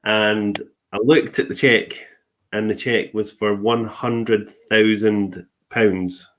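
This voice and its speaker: A man's voice: lowish voice, fairly even intonation, slow pace, a bit bright. A man, a host and medium, telling a story in casual chat and acting out the people he quotes. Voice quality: laughs easily, acts out quoted people.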